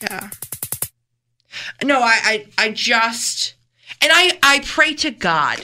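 A woman co-hosting a morning radio show, talking in an animated, emphatic, earnest way. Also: fairly high pitch, slow pace, faint music behind. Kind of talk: casual radio chat. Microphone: studio microphone.

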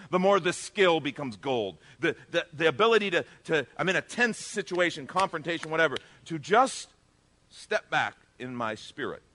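Male pastor, middle-aged, sermon, bright forceful tone, chatty asides, gets loud on key points. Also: a little high. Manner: conversational, jokey asides, swells loud for emphasis.

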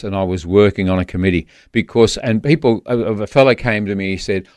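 An Australian man speaks as a guest on a radio interview, earnest and a little halting, often circling back to restart a thought. His voice sits low. The studio sound is close and dry with no room echo. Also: darkish tone. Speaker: guest author.

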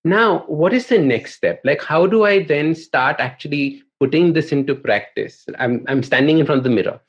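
A man's voice: fairly high pitch, moderate pace. A man hosting a podcast interview, chatting casually, prompting his guest and sharing anecdotes. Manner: conversational, prompting, relates anecdotes. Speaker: podcast host. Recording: dull lo-fi sound.

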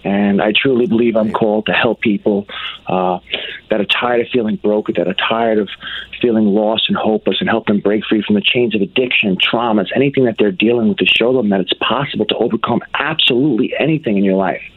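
A man's voice: lowish voice, brisk, slightly rough, no room sound. Man on a tinny phone line. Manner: earnest, motivational testimony. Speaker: guest. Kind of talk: talk radio interview. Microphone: phone call.

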